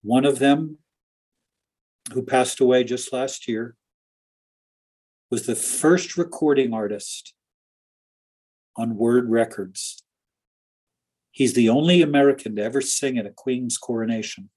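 A pastor with a husky, slightly breathy voice recounts stories from his life in an earnest, anecdotal way. He sits at a middle pitch for a man, and his telling runs on with small restarts and laughs. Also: a little mellow. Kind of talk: storytelling in an interview.

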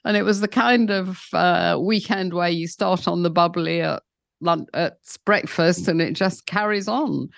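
A woman's voice: on the low side, unhurried, vocal fry, no echo, clean studio sound. A British woman in her sixties telling her own story in an interview, candid and wry, with frequent "you know" fillers. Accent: British English. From Britain. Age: 60s. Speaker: guest.

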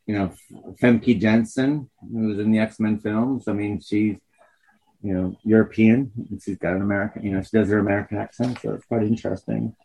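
Low-voiced man, measured chat. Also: steady tone, vocal fry, dark tone, slightly rough, rough recording. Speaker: podcast co-host. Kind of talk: casual fan discussion.

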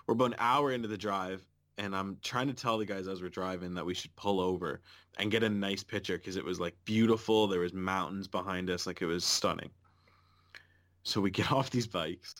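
A man co-hosting a podcast, casually telling a lively travel story and swearing often. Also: deep voice, fairly quick. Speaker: podcast co-host.

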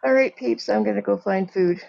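Woman, gravelly voice, teasing group chat, dull dry mic. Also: mid-range voice, brisk, a little mellow, dry recording.

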